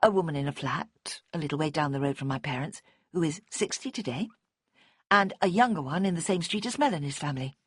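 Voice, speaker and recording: A woman voicing a grown female florist who speaks politely and with gentle sympathy. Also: low-pitched, animated, brisk, breathy edge, no echo, studio quality. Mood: matter-of-fact.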